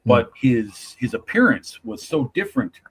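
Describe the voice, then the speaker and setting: Husky man, measured and halting. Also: mid-range voice, big pitch swings, rough recording. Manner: measured, many "uh" pauses, slightly formal. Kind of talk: casual chat.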